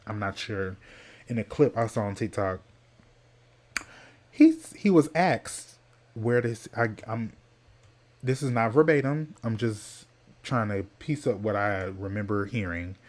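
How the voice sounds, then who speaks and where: A man hosting a podcast, ranting in a sassy, dramatic way and repeating points for emphasis. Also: fairly low pitch. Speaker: podcast host. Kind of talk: casual solo rant.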